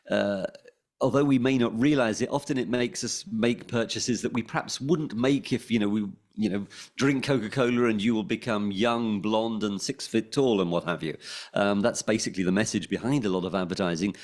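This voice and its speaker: A man's voice: on the low side, a little mellow. A middle-aged man with a London accent, answering interview questions in a rambling way with many fillers and restarts. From England. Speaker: interviewee, former pirate radio DJ. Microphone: desk microphone.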